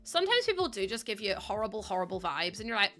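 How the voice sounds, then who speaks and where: A woman's voice: medium pitch, very animated, fast talker, a bit bright. A young woman chatting casually and rambling while she streams a game, often breaking into giggles. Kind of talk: casual chat while gaming. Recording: music playing behind.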